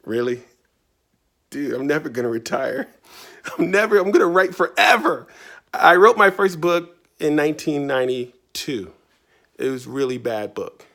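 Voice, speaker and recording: Man, bright voice, slightly high, playful casual Q&A chatter. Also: animated, moderate pace. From Tidewater Virginia, US. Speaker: author answering reader questions. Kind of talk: casual video Q&A. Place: his writing studio.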